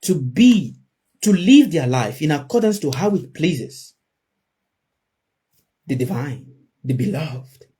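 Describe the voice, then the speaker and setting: Male spiritual teacher, sermon delivery, high and animated, emphatic repeats. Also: slow, long pauses, husky. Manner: emphatic, repeats phrases for effect. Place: before a live audience.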